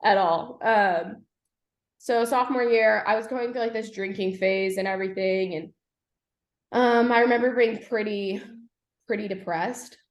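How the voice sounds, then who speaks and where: A young woman, a podcast guest, telling her personal story candidly, with frequent pauses and fillers. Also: medium pitch, fairly even intonation. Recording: echoey room.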